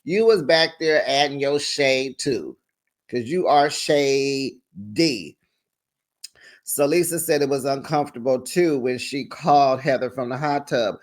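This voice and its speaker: A man hosting a casual recap of a reality show, sassy and animated, acting out quotes and laughing between remarks. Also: normal speed. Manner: sassy, animated, acts out quotes with sharp pitch jumps. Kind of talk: casual chatty recap commentary.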